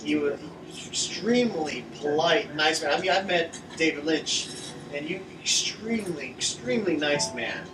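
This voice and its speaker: A man's voice: fairly high pitch, animated, normal speed. A man co-hosting a casual film commentary, chatty and eager, telling stories. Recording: echoey room, distant mic, noisy.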